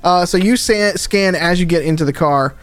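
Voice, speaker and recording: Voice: mid-range voice, normal speed, clean tone, dry recording. A game master narrating a tabletop game, loose and rambling with lots of fillers.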